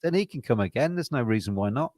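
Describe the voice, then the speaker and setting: A man's voice: mid-range voice, animated, fast, darkish tone, no echo, studio quality. A man co-hosting a podcast, talking cricket in an earnest, rambling way with frequent restarts. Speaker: podcast co-host. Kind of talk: casual cricket chat.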